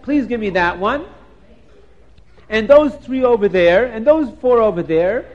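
A man voicing a talkative, excitable poet who is a husband, rambling on in a storyteller's telling. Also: sits high, a little slow. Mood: excited. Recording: dull lo-fi recording.

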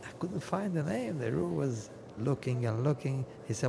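A man's voice: medium pitch, moderate pace, gravelly, noisy background. An older man telling stand-up jokes at a wedding, acting out voices and sound effects in his stories. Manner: animated storyteller, acts out voices and sound effects. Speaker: comedian at a wedding. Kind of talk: stand-up jokes for a live audience. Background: audience laughing.

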